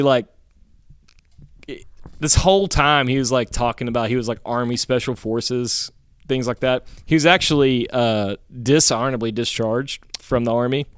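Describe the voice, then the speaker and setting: A man co-hosting a podcast, telling a rambling, profane story in casual chat and getting animated when he quotes others. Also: medium pitch, clear, resonant tone, no echo, studio quality.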